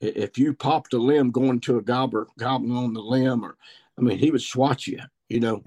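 A man in his sixties speaks in a thick Missouri Ozarks accent, with a middle-pitched voice. He is a podcast guest who tells long, rambling stories in a folksy country manner, circling back to pick up his thread. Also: normal speed, warm tone, slightly rough. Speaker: guest turkey hunter. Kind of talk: podcast storytelling.

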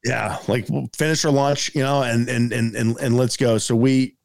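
A man telling a casual story as a podcast guest, rambling and animated, full of fillers like "man" and "dude.". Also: mid-range voice, normal speed, creaky.

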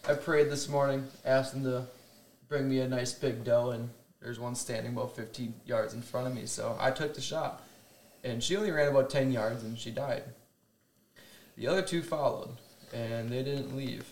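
A man's voice: mid-range voice, fairly even intonation, moderate pace, darkish tone. A man hosting a podcast, telling a long hunting story in a casual, rambling way and chuckling at his own tales. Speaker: podcast host. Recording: roomy with faint ambience.

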